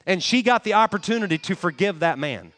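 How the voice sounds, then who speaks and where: A man with a high, light voice delivers a sermon through a handheld mic, earnestly putting questions to his congregation. His voice carries a long reverb tail from a large church hall. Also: expressive, fairly quick, fairly bright tone. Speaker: preacher. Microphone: handheld microphone.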